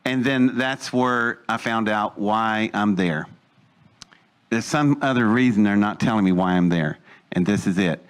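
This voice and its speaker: A man's voice: fairly low pitch, unhurried, smooth. A man recounts a long personal story. He tells it with plenty of energy and acts out every voice he quotes along the way. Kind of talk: storytelling anecdote.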